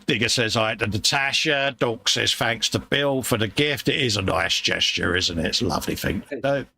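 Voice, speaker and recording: A man's voice: medium pitch, moderate pace, gravelly, sharp tone. A man hosting a casual livestream, chatty and matey as he reads out viewer messages. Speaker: livestream host reading chat.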